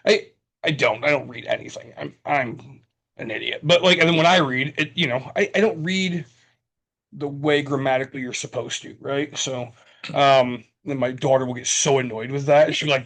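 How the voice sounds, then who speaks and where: A man's voice: medium pitch, normal speed, a bit bright. A man co-hosting a podcast, chatting casually and rambling, poking fun at himself and restarting his sentences. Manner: rambling, self-deprecating, with many restarts. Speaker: podcast co-host. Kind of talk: casual chat.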